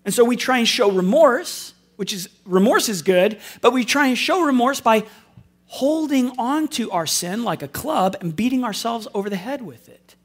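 A man's voice: very high voice, lively intonation, moderate pace, slightly rough. A man preaching as a pastor, earnest and conversational, with wry self-deprecating asides. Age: adult with school-age children. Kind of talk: sermon.

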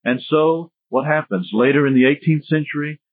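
A man's voice: a little high, normal speed, no room sound. A man giving a history lecture in a conversational, digressive way with joking asides. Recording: tinny phone-like dry sound.

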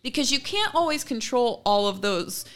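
A woman co-hosting a podcast in casual chat, earnestly explaining her ideas with quick asides. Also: fairly high pitch, lively intonation. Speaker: podcast co-host.

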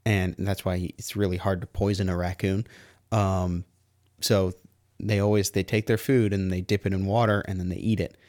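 A man's voice: low voice, level tone, normal speed, a little mellow, no echo, studio quality. A man co-hosting a casual podcast, telling stories playfully. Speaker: podcast co-host.

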